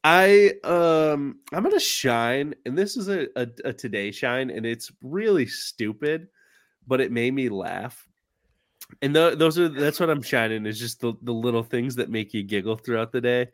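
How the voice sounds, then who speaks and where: A man's voice: medium pitch, expressive, normal speed, no echo, studio quality. A man co-hosting a podcast, rambling and amused by his own jokes in casual chat. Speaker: podcast co-host.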